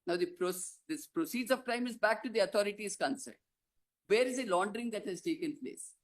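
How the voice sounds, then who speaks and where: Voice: medium pitch, animated, brisk. An advocate making a formal courtroom argument, pressing rhetorical questions and repeatedly addressing the bench as "my lords".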